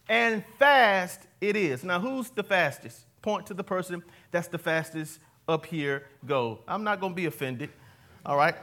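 A man's voice: high-pitched, a bit bright. A pastor preaching a sermon to his congregation, mixing jokes and scripture readings and having the crowd repeat key words back to him. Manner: call-and-response with the congregation; conversational, jokey preaching. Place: church before a live congregation.

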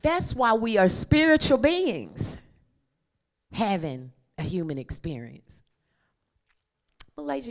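A woman preaching a sermon, calling on the congregation to repeat after her and dropping from loud exclamations to near-whispers. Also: on the high side, slow, gravelly, long pauses. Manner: animated, call-and-response with congregation.

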